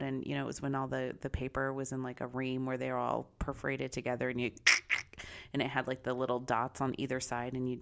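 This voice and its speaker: A middle-aged woman with a notably low voice shares a personal story. She talks in a candid, bubbly way and confides in her listeners. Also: vocal fry, clear, resonant tone. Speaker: vlogger.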